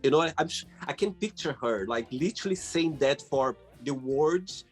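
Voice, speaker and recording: A man's voice: mid-range voice, animated. Effusive male interview host. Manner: warm, effusive reactions, halting phrasing. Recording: faint guitar music underneath.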